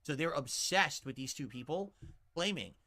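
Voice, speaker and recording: A man's voice: a little high, animated, moderate pace, bright, forceful tone. A man streaming, complaining to his viewers in an exasperated tone. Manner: exasperated, addresses audience.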